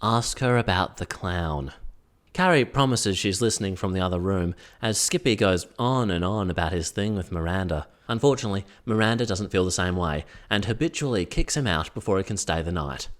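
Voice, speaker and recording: A man's voice: sits low, animated, fairly quick. A man giving a comedic, sarcastic recap of a TV episode, full of wry asides. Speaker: recap vlogger.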